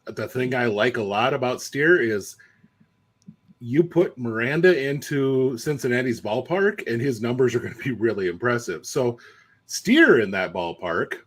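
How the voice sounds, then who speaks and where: A man's voice: medium pitch, lively intonation, measured pace, fairly bright tone, breathy edge. A man co-hosting a sports podcast, talkative in casual analysis, often hedging and restarting his sentences. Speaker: podcast co-host.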